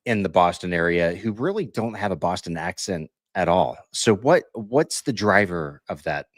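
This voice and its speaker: This is a man with a deep voice in a laid-back conversation, sounding close and dry. He tells stories at an easy pace and tosses out casual questions. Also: animated, normal speed, no room sound. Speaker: co-host. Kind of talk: casual chat on a live stream.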